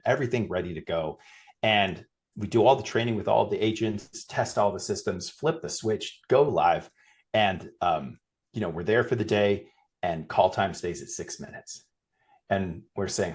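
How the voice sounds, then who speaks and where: Low-voiced man telling a work story. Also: normal speed. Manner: animated anecdote, acts out quoted dialogue. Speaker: guest, customer experience consultant. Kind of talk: storytelling in a podcast interview.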